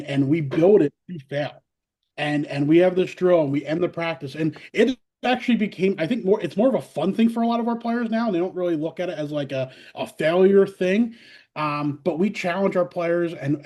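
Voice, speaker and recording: Upbeat, fairly high-voiced man talking shop. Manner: energetic, quick storytelling with many fillers and restarts. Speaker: college softball head coach, guest. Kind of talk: casual interview talk.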